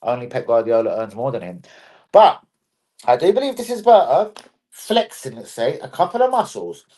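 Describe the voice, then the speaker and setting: A man's voice: medium pitch, big pitch swings, moderate pace, mellow. A man hosting a live football stream, chatting casually, bluntly and with a lot of swearing.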